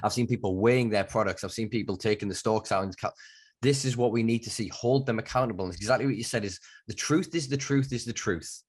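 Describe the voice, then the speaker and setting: A passionate podcast host with a Northern English accent and a lowish voice. He argues emphatically and swears freely in casual conversation. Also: fast talker.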